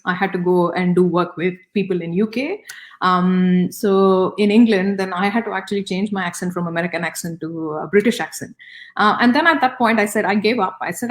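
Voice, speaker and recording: As an interview guest, a middle-aged Indian-accented woman with a mid-range voice reflects in a conversational manner, often using fillers and starting her sentences over.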